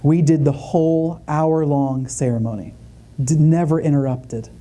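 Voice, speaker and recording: A man speaking at a conference, telling a humorous story in a chatty, animated way with many asides. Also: on the high side, unhurried. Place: conference stage before an audience.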